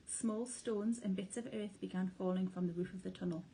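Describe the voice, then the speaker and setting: A woman teacher reading a children's storybook aloud, with clear, expressive storytelling. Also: mid-range voice, moderate pace, a little hiss or hum, poor audio. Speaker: primary school teacher.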